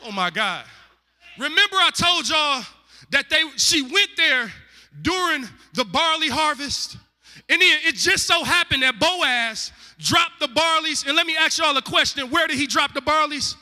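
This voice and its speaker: High, bright-voiced man preaching emphatically with street slang, shouting key lines; echoey hall. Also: expressive, a little slow. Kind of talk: comic, animated sermon.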